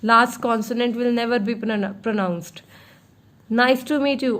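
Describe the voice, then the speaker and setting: Slow, high-voiced woman teaching French. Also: a bit bright. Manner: slow, patient, repeats each word. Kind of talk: beginner language lesson.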